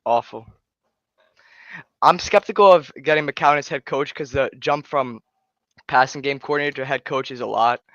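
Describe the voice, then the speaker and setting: A man's voice: mid-range voice, normal speed, long pauses, fairly bright tone, no echo, muffled recording. A man calling into a live show, chatting in an easygoing way. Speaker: caller. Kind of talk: casual call-in chat.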